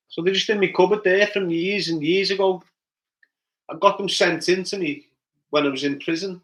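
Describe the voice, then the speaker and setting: A man's voice: sits high, steady tone, normal speed, pauses often. A middle-aged man with a Scouse accent, hosting a casual livestream and answering viewers' comments one by one. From Liverpool, England. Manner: chatty, reads out usernames and answers them.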